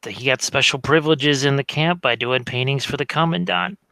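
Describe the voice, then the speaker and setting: A man's voice: mid-range voice, a little fast, vocal fry, sharp tone. A man chatting casually in a hobby hangout, musing and trailing off. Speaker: hangout participant. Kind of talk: casual chat.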